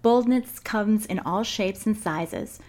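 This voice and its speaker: A woman hosting a podcast, reading a prepared script in a measured, clear voice. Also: mid-range voice, a little mellow. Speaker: podcast host.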